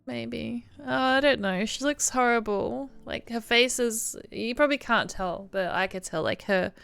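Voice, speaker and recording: Creaky-voiced streamer cooing at her pet. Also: fairly high pitch, a little slow, no echo. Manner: soft and doting. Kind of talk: casual gameplay commentary.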